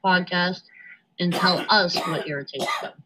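A woman's voice: lowish voice, fairly even intonation, unhurried, very noisy. A woman from New Hampshire co-hosting a podcast, talking frankly and swearing casually. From New Hampshire, USA. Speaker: podcast co-host.

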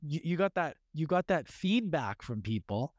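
A man's voice: fairly high pitch, big pitch swings, normal speed, dry recording. A man hosting a podcast, enthusiastic and affirming, talking casually and asking probing questions. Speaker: podcast host. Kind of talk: casual interview conversation.

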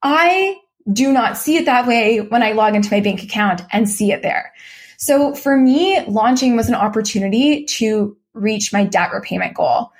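A young woman speaks as a guest on a podcast, earnest and open, her sentences full of ums and restarts. Her voice has a gravelly, fry-tinged edge, sitting at an ordinary pitch. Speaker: podcast guest, course creator. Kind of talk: casual podcast conversation.

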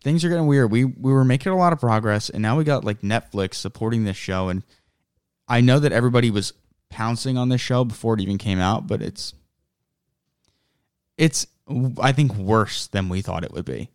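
A young man co-hosts a podcast in relaxed, rambling chat. His voice sits low and sounds smooth and clean. The recording is dry and close, with no room sound. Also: normal speed, dry recording. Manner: rambling, self-interrupting. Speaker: podcast co-host. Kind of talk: casual chat.

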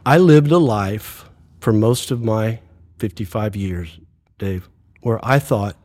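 A man's voice: medium pitch, lively intonation, slow pace, warm tone, breathy edge, dry recording, studio quality. A man in his sixties giving an earnest faith testimony as a podcast guest, acting out the dialogue he quotes.

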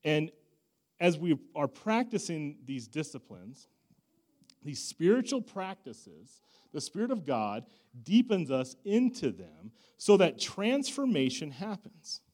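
Man, pastor preaching, somewhat high-pitched, surges loud then drops quiet, chatty asides. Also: very animated, slow pace. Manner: dynamic preaching, swinging from loud emphasis to hushed quiet; conversational, self-deprecating asides. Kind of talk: sermon.

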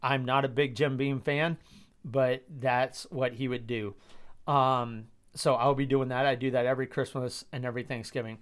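A man in his thirties from Georgia hosting a live stream Q&A, answering in a reflective, hesitant way with many pauses and fillers. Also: mid-range voice, steady tone, clean tone. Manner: reflective, hesitant with many ums, gets emotional. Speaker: host.

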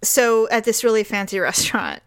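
A woman podcast co-host from California, chatting casually and telling a story with lively acted-out voices. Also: on the high side, fairly quick, smooth. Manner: animated, acts out voices in anecdotes.

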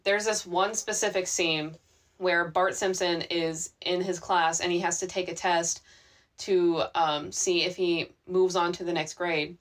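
A woman co-hosting a podcast, an animated storyteller who swears freely in casual chat. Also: fairly low pitch, measured pace. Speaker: podcast co-host.

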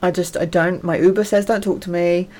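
A woman with an English accent, co-hosting a podcast in casual chat, candid and quick to laugh. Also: fairly low pitch, steady tone, dark tone. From England. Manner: candid, chatty, laughs easily. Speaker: podcast co-host.

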